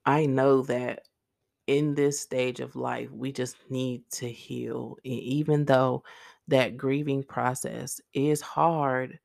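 Woman rambling on her podcast, low gravelly voice, dry close sound. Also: fairly even intonation, slow, a little mellow, dry recording. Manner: earnest, rambling, heavy on "like" and "literally"; speaks directly to listeners. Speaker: podcast host. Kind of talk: casual faith-based monologue.

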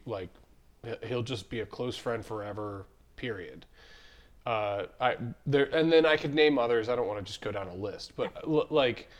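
Man, podcast host, mid-pitched voice, reflective, thinking aloud. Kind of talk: casual chat.

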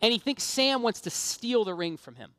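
A woman's voice: on the high side, sing-song, normal speed, fairly bright tone, dry recording. A woman preaching a sermon, earnest and impassioned, mixing casual self-deprecating asides with emphatic appeals.

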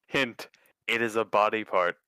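A man's voice: fairly low pitch, steady tone, unhurried, sharp tone, smooth, no room sound. A man co-hosting a casual podcast, playfully telling silly riddles and laughing at his own jokes. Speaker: podcast co-host. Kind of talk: casual chat, joking riddles.

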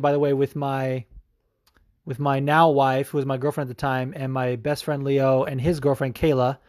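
A man's voice: on the high side, dry recording, clean studio sound. Profane, fired-up male host. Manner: animated, profane and salty, with frequent fillers. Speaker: show host. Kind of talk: profane opinion rant.

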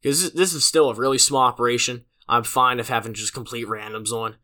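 A teenage man in his late teens rambles through a casual solo podcast, heavy on fillers and self-deprecation. His mid-range voice sounds pushed and bright, brisk in pace, with fairly even intonation.

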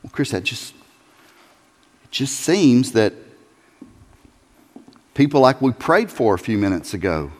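A male pastor preaching a sermon in a folksy, emphatic way, building to loud peaks. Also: mid-range voice, big pitch swings, unhurried, pauses often. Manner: folksy, emphatic, rising to shouts. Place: church sanctuary. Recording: church hall reverb.

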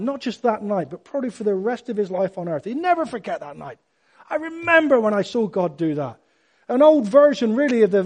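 A middle-aged man preaching a sermon in an emphatic, animated way, with sudden loud bursts. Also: sits high.

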